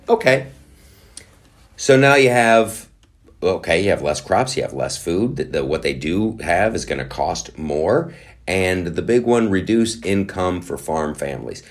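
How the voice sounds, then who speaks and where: A man hosting a podcast, ranting in sarcastic, animated commentary with swearing and quick mock voices. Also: sits low. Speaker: podcast host.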